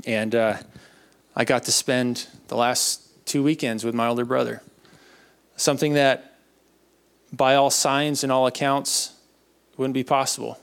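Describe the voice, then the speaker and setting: A young man giving an earnest personal faith testimony, halting and often repeating his words. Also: mid-range voice, level tone, vocal fry, clear, resonant tone. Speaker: speaker sharing a testimony.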